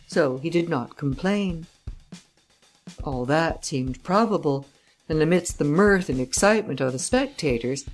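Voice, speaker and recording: A woman narrating an audiobook chapter in a measured, even storytelling manner. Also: sits low. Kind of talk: scripted narration.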